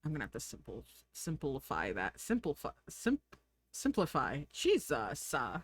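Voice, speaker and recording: A woman's voice: a bass voice, huge pitch swings, a little slow. A young woman streaming, chatting casually and giggling while she draws and reads chat. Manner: chatty, giggly, thinks aloud.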